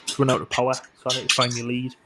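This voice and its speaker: A man's voice: medium pitch, monotone, racing, very noisy. A man chatting over a video call, telling stories in a rambling, stop-start way. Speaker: guest.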